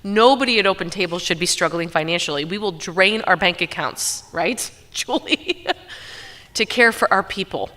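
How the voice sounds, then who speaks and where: A woman's voice: fairly low pitch, normal speed, sharp tone. A woman pastor giving an informal, earnest sermon to her congregation, talking conversationally with frequent asides. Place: church sanctuary.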